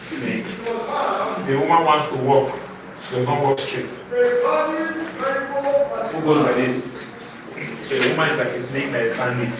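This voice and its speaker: A man's voice: medium pitch, unhurried, pauses often, background noise. A man teaching literature to a live class, firing questions that end in "what?" for the students to answer. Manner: call-and-response questioning, repeating "what?". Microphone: far from the mic. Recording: echoey room, distant mic, audible class.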